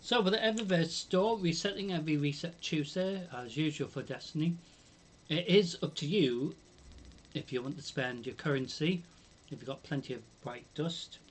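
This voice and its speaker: A man's voice: fairly high pitch, normal speed. British male streamer, musing and hesitant, faint background noise. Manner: musing, hesitant, lots of hums and ums. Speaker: game streamer. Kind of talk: casual live game commentary.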